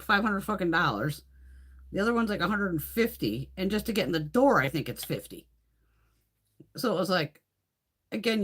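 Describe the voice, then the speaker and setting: Chatty, profane woman hosting a livestream. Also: lowish voice. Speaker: beauty livestream host. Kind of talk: casual live chat.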